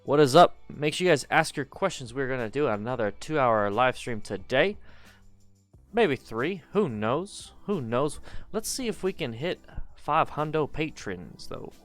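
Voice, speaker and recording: A man hosts a relaxed live stream from his desk, sounding tired after a nap as he greets viewers by name. His voice is smooth and clear, and he rambles between hums. Soft music plays faintly underneath. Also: mid-range voice, normal speed. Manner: loose and chatty, greeting viewers, humming to himself. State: tired, just woke up. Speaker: motorcycle channel host. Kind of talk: casual live stream chat.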